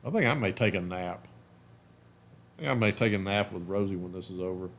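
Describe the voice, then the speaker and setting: A man's voice: deep voice, fairly quick, fairly bright tone, a little hiss or hum. A man in his forties hosting a casual live stream from home on a webcam, rambling and chatty, sleepy and yawning. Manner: rambling, self-interrupting, chatty.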